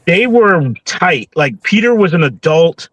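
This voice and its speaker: A man in a casual comics chat, telling a reflective story in a measured way. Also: on the high side, very animated, a bit bright, no echo, poor audio.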